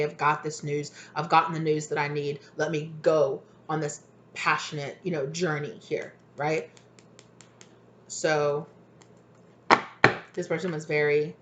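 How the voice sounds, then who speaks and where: A woman's voice: low-pitched, slight background noise. A woman giving a casual, rambling tarot reading at home, full of fillers. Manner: chatty, rambling, many fillers. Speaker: tarot reader.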